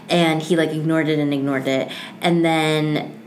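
Woman chatting on a podcast, kinda low voice, says like a lot, faint hiss behind. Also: steady tone, measured pace. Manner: chatty, lots of "like" fillers. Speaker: podcast co-host. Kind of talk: casual chat.

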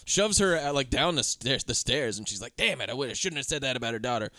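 A man's voice: medium pitch, animated, fast talker, pushed and bright, no room sound, clean studio sound. A man co-hosting a casual movie podcast, sarcastically retelling scenes in mock voices. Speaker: podcast co-host. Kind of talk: casual movie-review chat.

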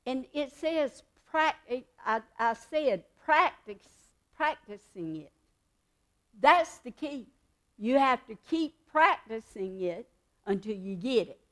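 A woman's voice: a little high, lively intonation, slow pace, fairly bright tone. A woman giving a devotional teaching in an earnest, conversational way, repeating key points for emphasis. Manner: emphatic repetition. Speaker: Christian speaker.

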